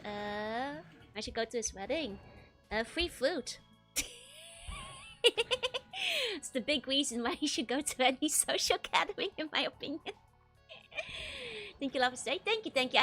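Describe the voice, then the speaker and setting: A woman's voice: fairly high pitch, pushed and bright. A young woman, chatting casually with her stream chat, giggling often and restarting her sentences. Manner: giggly, laughs often between phrases; stammering restarts. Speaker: VTuber streamer.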